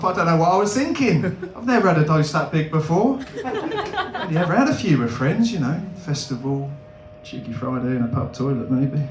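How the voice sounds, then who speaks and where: A young man doing stand-up comedy, animated and laughing, with big swings in pitch. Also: normal speed, echoey room.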